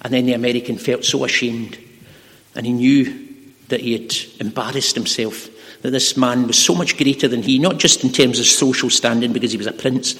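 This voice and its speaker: A man preaching a sermon in a church, telling stories earnestly and slowing down to stress key words. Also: medium pitch, fairly even intonation, fairly bright tone. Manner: earnest, slows for emphasis. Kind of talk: sermon with storytelling. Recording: long hall reverb.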